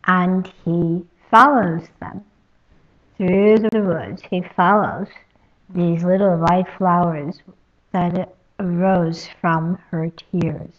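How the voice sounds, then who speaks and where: A woman spiritual teacher telling a traditional story in a slow, halting way, with many pauses. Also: fairly low pitch, fairly even intonation, phone-quality sound. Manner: slow, halting, with fillers and soft asides.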